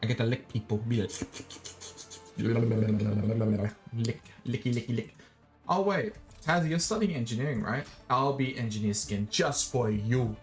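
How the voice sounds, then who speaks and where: A man's voice: mid-range voice, a little fast, few pauses, faint music behind. Goofy Australian streamer man. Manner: goofy, playful, swears, sings robot noises. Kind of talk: casual gaming stream chat.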